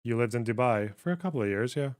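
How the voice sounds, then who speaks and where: A man's voice: medium pitch, expressive, quick pace. A man hosting a livestream, chatting casually and bluntly with frequent swearing and laughter. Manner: profane, blunt, laughs often. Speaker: livestream host.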